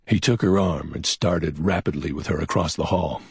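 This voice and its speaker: A man reading pulp crime fiction as an audiobook narrator, steady and even. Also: very deep voice, normal speed, creaky, breathy edge, no echo, studio quality.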